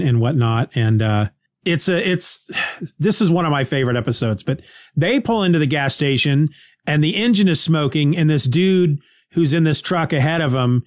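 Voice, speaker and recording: A man's voice: medium pitch, no room sound. A man hosting a podcast, casually recapping a TV episode in a rambling way, restarting sentences and laughing lightly.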